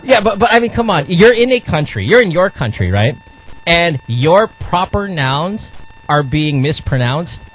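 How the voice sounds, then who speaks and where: A man's voice: a little high, a little slow, a little hiss or hum, rough recording. A man hosting a morning radio talk show, ranting and joking with his co-hosts and callers. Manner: animated, ranting, laughs often. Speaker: radio host.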